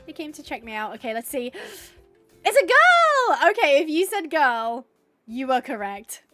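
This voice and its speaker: A woman's voice: fairly high pitch, moderate pace, soft background music. A woman chatting casually on a live game stream, reading out viewers' suggestions and cooing at animals. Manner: chatty, reads out chat suggestions, coos at animals. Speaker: livestreamer playing a horse-rescue game.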